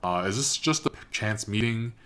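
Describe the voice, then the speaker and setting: A man's voice: on the low side, lively intonation, normal speed, a bit bright. A man hosting a reaction channel, chatting casually and thinking aloud with lots of fillers.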